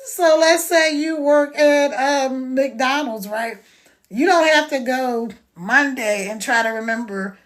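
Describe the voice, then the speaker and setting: Speaking slowly into a phone, a woman from the United States talks to live-stream viewers in a chatty, persuasive way while promoting her online business program.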